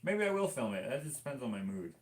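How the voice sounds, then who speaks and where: A Canadian man paints during a live stream, reading viewer comments out loud and chatting in a loose, easygoing ramble that keeps cutting itself off. His medium-pitched voice has a sing-song lilt and moves at a quick clip.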